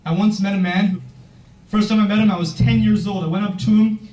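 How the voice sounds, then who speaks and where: Teen boy, earnest motivational speaker, high voice, mic far off in a reverberant room. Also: steady tone, fairly quick, dark tone. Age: teens. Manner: earnest, emphatic, asks the audience questions. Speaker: youth founder giving a talk. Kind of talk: motivational speech. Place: event room, heard from a distance.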